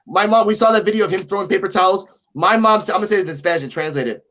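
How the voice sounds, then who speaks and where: A man's voice: high voice, fairly bright tone. A man from Puerto Rico, co-hosting a podcast remotely, ranting with profanity in casual chat. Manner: profane, ranting, rapid-fire. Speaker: podcast co-host.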